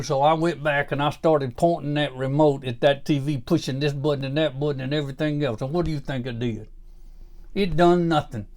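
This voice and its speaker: A man's voice: on the high side, close to an everyday voice. A man playing a cranky older grandpa with a Southern Louisiana accent, ranting in a folksy, grumbling, exasperated comic monologue. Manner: folksy, grumbling, exasperated, rising to indignant outbursts. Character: cranky old Southern grandpa fed up with gadgets.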